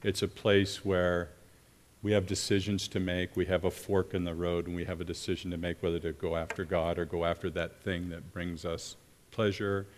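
A man preaching a sermon in an earnest, halting way, often breaking off and restarting his sentences. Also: low voice, flat delivery. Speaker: pastor or worship leader. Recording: long reverb of a church hall.

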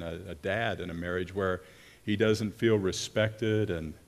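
A man preaching a sermon in an earnest, halting way, often breaking off and restarting his sentences. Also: on the low side. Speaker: pastor or worship leader. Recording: long reverb of a church hall.

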